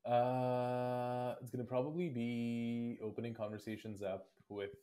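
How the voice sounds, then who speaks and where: A man's voice: mid-range voice, little pitch movement, a little slow, mellow. A man in his twenties from India, answering interview questions in a reflective, thoughtful way. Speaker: guest. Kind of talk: casual interview.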